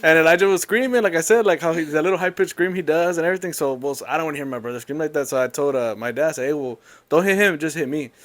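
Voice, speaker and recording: A man telling a long family story in a casual, rambling, animated way. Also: on the high side, racing.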